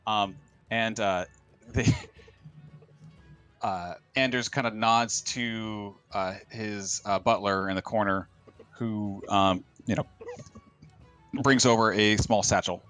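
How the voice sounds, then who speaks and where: A man narrating as game master of a tabletop game, halting with many fillers. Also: lowish voice, steady tone, a bit bright, clean tone, soft background music.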